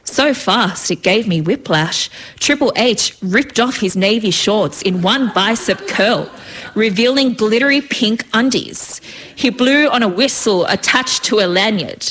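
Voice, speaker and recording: A woman's voice: medium pitch, lively intonation, unhurried, a bit bright. A woman reading her own story aloud in a vivid, rhythmic way. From Australia.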